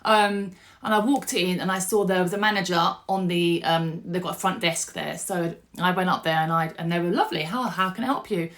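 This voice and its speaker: A woman's voice: fairly low pitch, fairly quick. Chatty woman telling a story. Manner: animated, chatty, with fillers and restarts. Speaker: vlogger. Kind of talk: casual storytelling to camera.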